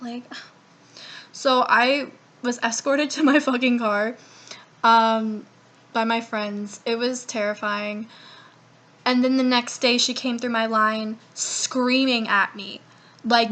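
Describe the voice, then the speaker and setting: A woman's voice: fairly high pitch, unhurried. A young woman vlogger casually retelling a long personal story, swearing often and acting out what people said. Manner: profane, rambling, animated retelling with quoted dialogue.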